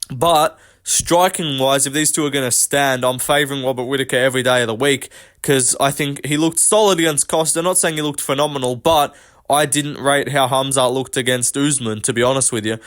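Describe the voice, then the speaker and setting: A young man with a mid-range, fairly bright voice reacts to MMA in a casual way, swearing and using plenty of fillers. As a commentator, his style is loose, profane banter.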